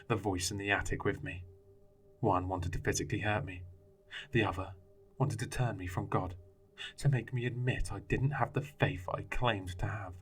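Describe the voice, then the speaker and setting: A man with a very deep voice reads a horror story aloud in a grave, dramatic style. Faint music runs underneath the narration.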